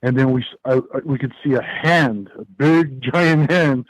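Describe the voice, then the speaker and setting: A man, a podcast guest, telling a story in a casual, animated way, full of fillers and restarts. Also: medium pitch, normal speed, no room sound, low-quality recording.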